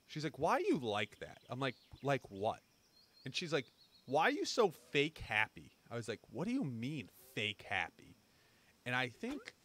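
Chatty, bright-voiced young man. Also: mid-range voice, a little hiss or hum. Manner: chatty, jokey, rambling anecdotes. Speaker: gaming YouTuber. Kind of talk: casual gameplay commentary and storytelling.

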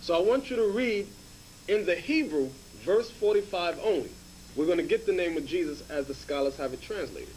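A high-pitched man leads a Bible lesson as bishop, explaining each passage step by step. He keeps returning to his point and cues a reader with short commands. A faint hum sits under the recording. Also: expressive, normal speed, darkish tone, poor audio. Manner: explanatory, repeats points, prompts "read". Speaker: bishop teaching scripture.

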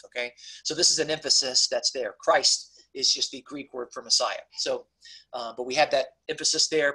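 A man's voice: medium pitch, bright, forceful tone, husky, low-quality recording. A man teaching a Bible study, talking conversationally and checking in with his class often. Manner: conversational, repeatedly checks in with "okay?"; emphatic on key points, frequent restarts.

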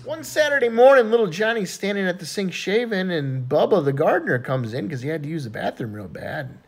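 A man's voice: sits high, sing-song, fairly quick, few pauses, breathy edge. A man telling jokes in a casual storytelling way, laughing at his own punchlines. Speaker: joke teller.

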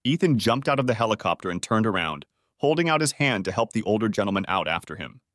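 A man reads a first-person story aloud in an audiobook style. His pitch moves a lot as he shifts between narration and the characters' lines. The recording is dry and close, with no room sound. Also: fast talker, dry recording. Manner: lively storytelling, lightly voicing each character.

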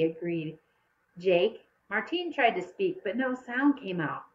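Woman, storybook reader, lively up-and-down pitch, dull lo-fi sound. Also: slow pace. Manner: expressive, shifts pitch to act out children's voices. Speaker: audiobook reader. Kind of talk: storybook narration.

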